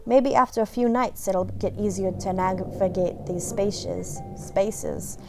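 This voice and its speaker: A woman casually narrating her playthrough of a story game, reading passages aloud and adding offhand comments. Her voice sits in a middle pitch and stays easygoing. Quiet music plays behind her. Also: takes it slowly, creaky. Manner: relaxed, chatty, reads choices aloud. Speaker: game streamer.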